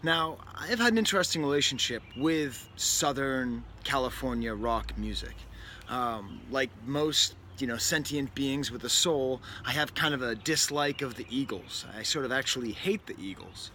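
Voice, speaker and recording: This record review host from New England has a medium-pitched, pushed and bright voice with lively intonation and a moderate pace. His talk is rambling and wry, full of asides and self-interruptions, recorded indoors by a window where a bird sits outside, with faint background noise.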